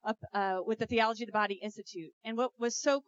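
A woman's voice: a little high, fairly even intonation, fast talker, muffled recording. A woman speaker at a conference giving an emotional, exhorting testimony that moves into prayer. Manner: emotional, exhorting, loud bursts; breaks into prayer. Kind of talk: preaching testimony.

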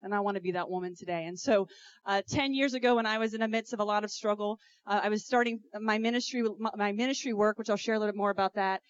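A woman preaching at a conference, telling her story with raw emotion and rising to loud, fervent exhortation before leading a prayer. The sound is dry and a little dull, with no room echo. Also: mid-range voice, steady tone, fast talker, hardly any pauses, smooth. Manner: breaks into prayer. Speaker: conference speaker. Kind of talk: preaching testimony.

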